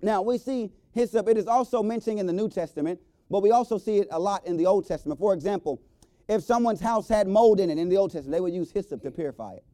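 A man preaching a revival sermon in a church, reading scripture and building to emphatic, drawn-out points. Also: high voice, dark tone, no room sound, clean studio sound. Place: church sanctuary.

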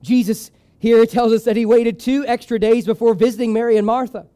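A male preacher retelling a scripture story as a sermon, acting out its people and dropping to a hushed voice for emphasis. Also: extremely high pitch, steady tone, a little fast, clean tone.

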